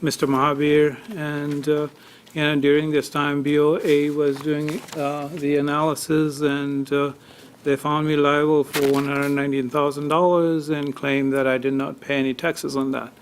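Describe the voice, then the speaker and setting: A man testifying at a tax appeal hearing, halting and full of fillers as he grows emotional telling his story. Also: on the high side, level tone, slight background noise. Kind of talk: unscripted testimony.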